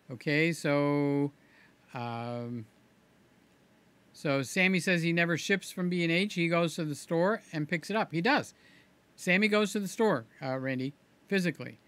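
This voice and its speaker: Bright-voiced chatty livestream host, man. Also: on the high side. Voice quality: slurs his words. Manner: rambling, chatty, repeats himself. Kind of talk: casual livestream chat, reading viewer comments.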